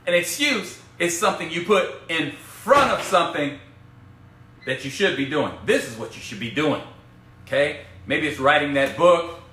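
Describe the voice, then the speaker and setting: Animated, playful male coach in an echoey room. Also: fairly high pitch, moderate pace, a little hiss or hum. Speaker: business coach. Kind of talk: casual live-stream chat. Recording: echoey room with faint ambience.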